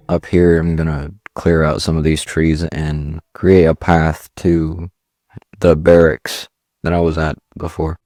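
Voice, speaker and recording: A man's voice: sits low, dry recording. A man casually commentating a survival game as he plays, rambling and thinking aloud, reading item descriptions aloud. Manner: reads item text aloud in a flat reading voice. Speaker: gameplay commentator. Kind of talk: casual let's-play commentary.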